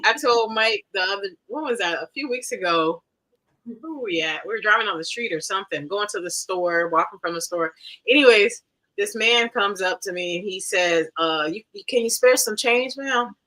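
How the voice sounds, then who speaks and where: A woman's voice: mid-range voice, normal speed, pushed and bright, low-quality recording. A woman co-hosting a casual live-stream chat, telling a rambling story. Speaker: co-host.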